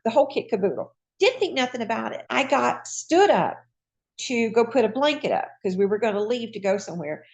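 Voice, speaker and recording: A woman, a retired nurse, telling her own patient story in a lively, folksy conversational way. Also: fairly high pitch. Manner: lively, acts out voices in quoted dialogue. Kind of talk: personal storytelling.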